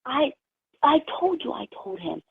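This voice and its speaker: A woman pleading in a hushed voice during a tearful phone argument. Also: high-pitched, big pitch swings, moderate pace, vocal fry, dry recording. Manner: pleading, trying to keep her voice down. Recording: tinny phone line.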